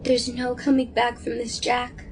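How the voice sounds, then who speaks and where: A man voicing a cold, bitter young woman, speaking slowly with contempt. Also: very high-pitched, monotone, a little hiss or hum, voice pushed up. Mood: cold disdain.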